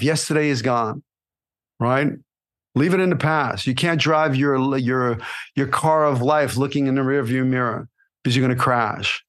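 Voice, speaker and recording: A mid-range male voice delivers upbeat, motivational guidance as an acting coach hosting a podcast. His coaching tone is energetic, and he keeps tacking on "you know" and "right?"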